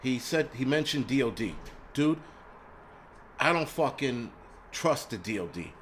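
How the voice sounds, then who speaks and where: A man's voice: medium pitch, animated, measured pace, a bit bright, a little hiss or hum. A middle-aged man hosting a live stream in casual chat, blunt and profane, often laughing at himself. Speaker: host.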